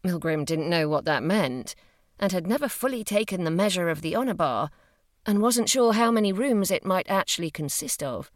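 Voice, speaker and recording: An audiobook narrator, this woman reads a novel from a script in an expressive voice with lively intonation. Her pitch is fairly low and her speed normal, in a studio-quality recording with no room sound.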